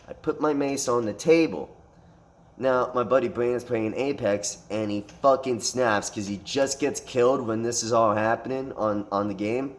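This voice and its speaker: Telling the story of a fight, a medium-pitched man speaks at a moderate pace in an informal storytime monologue. Swearing fills nearly every line, and restarts and fillers break up his animated retelling.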